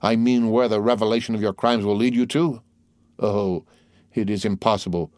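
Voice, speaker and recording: A man voicing a stern male magistrate who calmly and contemptuously accuses his wife in an audiobook. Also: lowish voice, normal speed, no room sound, studio quality, close to an everyday voice. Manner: calm, contemptuous interrogation. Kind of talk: audiobook character voice.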